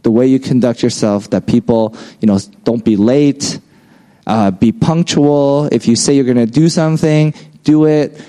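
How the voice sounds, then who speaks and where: A man's voice: mid-range voice, moderate pace, dark tone, poor audio. A man giving a casual, conversational sermon, often checking in with "right?". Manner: conversational, frequent "right?" tags. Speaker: preacher.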